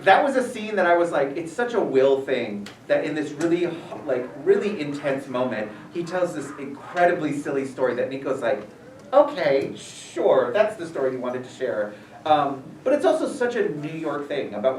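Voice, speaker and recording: Guy answering student questions, chatty and animated, sounds far off in a roomy space. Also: mid-range voice, brisk, slight background noise. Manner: animated, rambling, lots of fillers. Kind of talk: casual Q&A talk. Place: school room, audience present. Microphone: distant from the recorder. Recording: echoey room, voice heard from far off.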